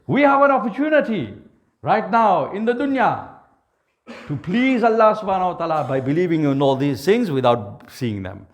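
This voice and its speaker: A man's voice: high-pitched, sing-song, moderate pace. A man giving a sermon as vivid, dramatic storytelling, mixing in Urdu and Arabic words. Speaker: Islamic preacher.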